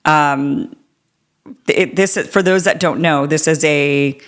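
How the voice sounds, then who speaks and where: Low-voiced woman host, casual and rambling. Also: slow. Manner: casual, rambling, with many "I mean" and "like" fillers. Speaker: show host. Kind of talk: political interview.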